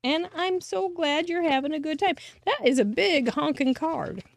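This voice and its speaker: A middle-aged woman hosting a craft show, chatting warmly and gushing as she shows cards that viewers sent her. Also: high-pitched, lively intonation, normal speed, vocal fry, no echo. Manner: chatty, gushing, laughs often. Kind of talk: casual chat showing mailed cards.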